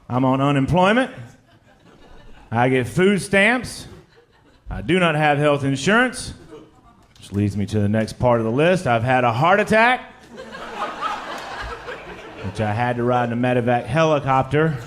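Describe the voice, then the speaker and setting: On a comedy club stage in front of a laughing audience, a man does stand-up with a mid-range, very animated voice, unhurried and full of long pauses. His jokes are crude, self-deprecating confessions, and he questions the crowd directly.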